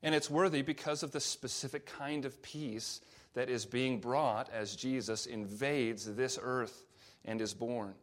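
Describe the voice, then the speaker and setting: A man's voice: medium pitch, fairly even intonation. Man preaching a sermon, teaching tone. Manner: explanatory, pauses on fillers and restarts; reads scripture aloud slowly. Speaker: pastor.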